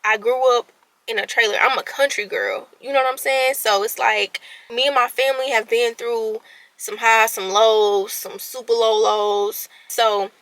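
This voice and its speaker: Young woman venting, bright tone. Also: on the high side, a little slow, dry recording, low-quality recording. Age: 20s. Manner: candid, expressive, swings between soft and loud. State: voice cracking, close to tears. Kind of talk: emotional personal venting.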